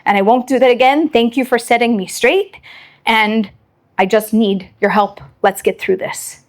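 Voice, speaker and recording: A middle-aged woman who moved to Israel, giving a lively personal Torah talk to an audience and acting out the voices she quotes. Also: a little high, moderate pace. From immigrant to Israel. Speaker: Torah lecturer.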